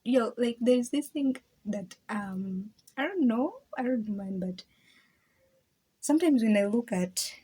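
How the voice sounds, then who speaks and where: A woman's voice: on the high side, lively intonation, slow, mellow, low-quality recording. A woman talking casually and reflectively to her viewers, rambling, stammering, laughing often and dropping into whispers. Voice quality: very breathy, husky. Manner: drops into whispers. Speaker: vlogger.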